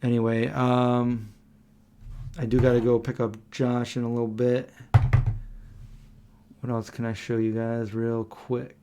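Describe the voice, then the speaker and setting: A man's voice: mid-range voice, completely flat delivery, unhurried, long pauses, warm tone, slight background noise. Rambling man on a late-night stream. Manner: rambling, searching for names, hums tunes. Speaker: host of a live stream. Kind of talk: casual chat. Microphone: desk microphone.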